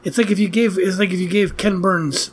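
Husky higher-voiced man rambling incredulously. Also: fairly even intonation, fairly quick. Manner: rambling, incredulous, laughing asides. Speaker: podcast co-host reviewing a movie. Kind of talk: casual chat.

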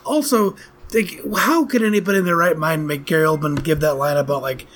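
A man with a fairly bright, higher-pitched voice talks briskly, with slight background noise. Co-hosting a podcast, he reviews a movie in casual chat, rambling incredulously and tossing in laughing asides.

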